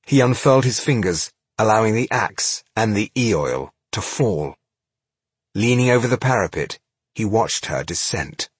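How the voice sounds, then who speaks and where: A male audiobook narrator with a low, husky voice. He reads with measured drama and a lively rise and fall. The recording is dry and close. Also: no echo. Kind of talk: scripted narration.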